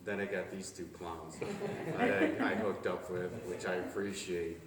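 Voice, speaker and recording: A man's voice: low-pitched, flat delivery, normal speed, a crowd in the background. A man telling plainspoken stories about a late neighbor and friend at a memorial. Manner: plainspoken, storytelling. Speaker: eulogy speaker. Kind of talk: memorial remarks. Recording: echoey and distant, with noise.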